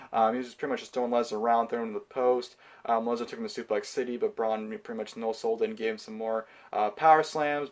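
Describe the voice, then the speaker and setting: A man reviewing a wrestling event in a quick, rushed delivery, with plenty of swearing and heated ranting. He stumbles into restarts and ums as he goes, at a middling pitch. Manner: frequent filler words and restarts. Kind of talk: casual pay-per-view review.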